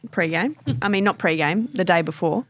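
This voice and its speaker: A woman co-hosting a casual podcast, talking in a bubbly, giggly, animated way. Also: fairly low pitch, moderate pace, no echo. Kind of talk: casual chat. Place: podcast studio.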